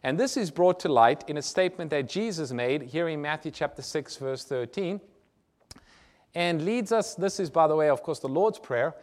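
This sermon comes from a man whose expressive voice sits on the high side, delivered at a normal pace. He reads and explains scripture, asking rhetorical questions of his listeners, in a church or lecture-hall setting with a screen.

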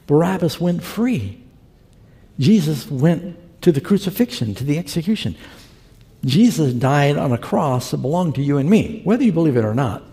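A man's voice: mid-range voice, creaky, warm tone. A man preaching a sermon, telling folksy stories and acting out the people he quotes. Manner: folksy storyteller, acts out quoted characters. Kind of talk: sermon with storytelling. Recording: long reverb of a large hall.

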